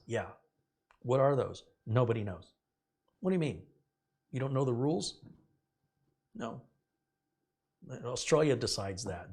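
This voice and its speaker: A middle-aged man hosting a live stream, casually retelling a story and acting out the quoted dialogue with indignation. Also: medium pitch. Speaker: host.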